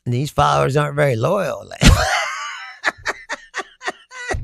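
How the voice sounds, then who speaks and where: A man's voice: a little high, lively intonation, normal speed, gravelly, fairly bright tone, no echo, studio quality. A man hosting a casual comedic political talk, rambling and profane, breaking into laughter often. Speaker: political commentary host.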